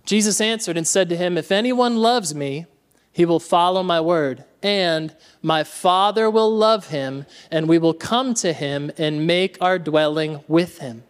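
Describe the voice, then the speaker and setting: High-voiced pastor preaching. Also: male voice, a little slow, smooth. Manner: animated, laughing, calls to the congregation. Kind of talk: sermon. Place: church.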